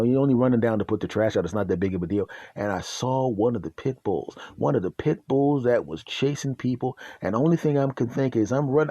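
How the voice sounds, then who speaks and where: A man hosting a podcast, telling a comic story in an animated, chuckling way. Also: mid-range voice, no room sound. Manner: animated, laughing, self-deprecating. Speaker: podcast host. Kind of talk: comedic storytelling.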